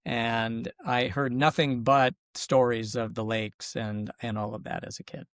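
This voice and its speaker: A man's voice: medium pitch, little pitch movement, a little slow, no room sound, clean studio sound. Older Minnesotan man telling stories. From Minnesota, USA. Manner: reflective, storytelling, thinks aloud with restarts. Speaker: guest, local government consultant. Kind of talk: casual podcast interview.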